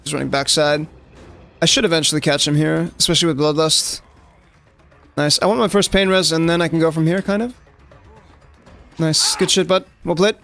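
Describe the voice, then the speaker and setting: Gravelly gamer, chatty. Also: male voice, a little high, steady tone, moderate pace, long pauses, a bit bright, faint music behind. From South Africa. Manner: casual, chatty, lots of "like" fillers, addresses chat. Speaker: streamer. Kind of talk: live gameplay commentary.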